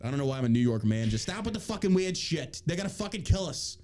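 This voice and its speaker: A man's voice: medium pitch, fairly even intonation, very fast, warm tone, clear, resonant tone, pitched below the performer's own voice, natural voice. A podcast host voicing an exasperated male team manager who pleads with and scolds his players. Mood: pleading.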